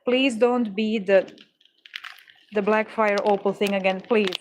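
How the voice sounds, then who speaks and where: A woman's voice: medium pitch, steady tone, normal speed, pauses often. A woman chatting casually while working on orders, easily startled, laughing often and correcting herself as she talks. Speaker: crafting livestreamer.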